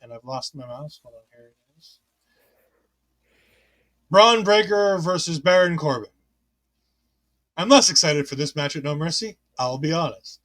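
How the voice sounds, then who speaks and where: Male podcast host, high voice, loose chatty recap delivery with frequent self-corrections. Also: lively intonation, measured pace, pauses often, a bit bright. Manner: chatty, self-correcting, reads listener comments aloud. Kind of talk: casual wrestling recap chat.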